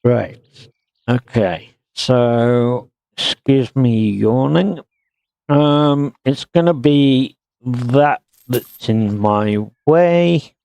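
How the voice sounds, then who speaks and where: A man streaming a house-renovation game, muttering slowly to himself as he places items. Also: mid-range voice, animated, gravelly, darkish tone, smooth, dry recording. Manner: slow, muttering to himself while working. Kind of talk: casual gameplay commentary.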